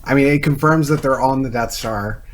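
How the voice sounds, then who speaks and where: A man co-hosting a podcast, chatting casually and excitedly about a film with quick laughs. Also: mid-range voice, a little hiss or hum. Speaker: podcast co-host. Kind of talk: casual chat.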